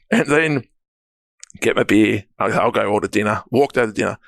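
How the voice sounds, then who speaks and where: A man co-hosting a casual podcast, telling an animated story, swearing freely and mimicking voices. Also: on the low side, moderate pace, creaky, dry recording, studio quality. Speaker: podcast co-host.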